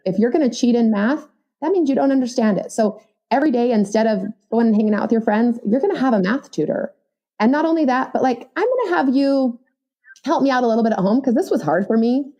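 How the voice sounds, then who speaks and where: A woman in her thirties, a writer and mother, speaking as a podcast guest, earnest and animated with frequent fillers. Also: on the high side, highs cut off. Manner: earnest, animated, lots of "like" and "you know". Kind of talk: casual conversational interview.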